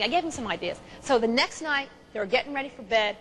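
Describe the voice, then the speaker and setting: A woman's voice: a little high, lively intonation, fast talker, hardly any pauses, fairly bright tone, big-room sound, a little hiss or hum. A woman giving an emphatic, storytelling seminar talk on relationships. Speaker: relationship speaker.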